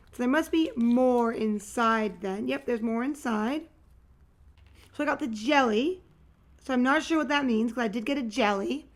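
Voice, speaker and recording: Chatty woman vlogger, slightly high voice. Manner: chatty, thinks aloud, excited squeals. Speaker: nail art vlogger. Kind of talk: casual unboxing and nail tutorial chat.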